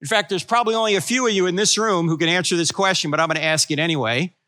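A man's voice: high-pitched, racing, sharp tone. A man in his sixties from New Jersey giving a humorous talk on faith to a live audience, telling stories and acting out quoted voices. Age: 60s. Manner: storytelling, acts out quoted voices, wisecracking. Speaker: Christian apologetics speaker.

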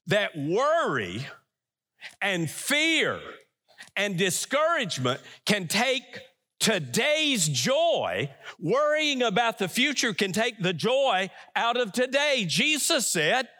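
A man preaching a sermon as pastor in a church, emphatic, swinging between loud stresses and hushed lines. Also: high voice, big pitch swings, slow, long reverb tail.

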